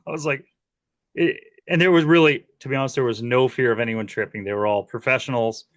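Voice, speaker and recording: This is a man hosting a relaxed interview. He tells stories in an animated way, often laughing mid-sentence. His voice sits in a middle range and shifts a lot as he acts out what others said. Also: medium pitch, a little fast. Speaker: podcast host. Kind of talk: casual interview storytelling.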